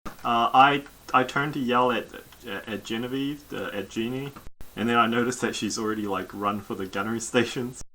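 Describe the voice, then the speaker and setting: A man's voice: medium pitch, moderate pace, bright, forceful tone, poor audio. A man playing a tabletop game, casually and animatedly describing his character's actions. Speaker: player.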